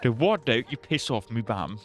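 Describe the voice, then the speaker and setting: A man's voice: medium pitch, expressive, normal speed, a bit bright, faint music behind, close to an everyday voice. A man putting on an exaggerated British accent as a crude, bawdy bloke, jokey and over the top. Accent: put-on British.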